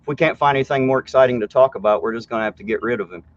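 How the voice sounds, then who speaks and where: A man's voice: medium pitch, very fast, no room sound, dull audio. A man with a slight southern Ohio drawl hosting a casual live-stream chat, blunt and joking, often laughing. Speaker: host.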